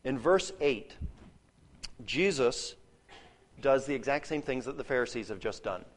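A man's voice: medium pitch, animated, a little slow. A man giving a spoken lesson on a Bible passage. He explains as he goes, restarts and repeats words while he thinks, and checks in with "okay?" and "right?". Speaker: Bible teacher.

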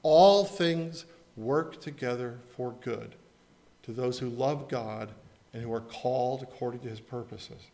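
A man's voice: mid-range voice, vocal fry, a little mellow. A middle-aged man preaching a sermon in an earnest, storytelling manner and leading the congregation in a simple song. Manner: earnest, storytelling, leads singing. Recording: echoey room.

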